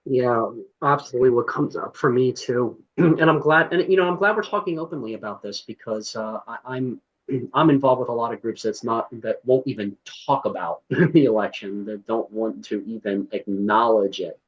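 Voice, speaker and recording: A man speaking reflectively and hesitantly in a casual discussion, clearing his throat. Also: medium pitch, normal speed, dull audio.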